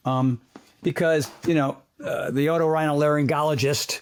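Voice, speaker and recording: A man, a fitness trainer, chatting as an interview guest, telling animated, rambling stories peppered with sound effects. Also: medium pitch, measured pace, slight background noise. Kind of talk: casual interview chat.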